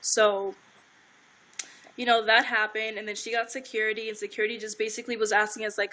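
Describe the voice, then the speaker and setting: A woman's voice: medium pitch, flat delivery, brisk, pushed and bright, low-quality recording. A young woman telling her side of a story in a casual livestream, rambling, swearing, and saying "like" constantly. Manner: rambling, heavy filler "like", swears freely.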